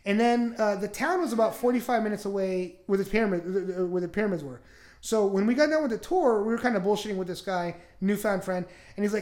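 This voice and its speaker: A man telling a story in casual chat, animated, profane and laughing often. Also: high-pitched, quick pace.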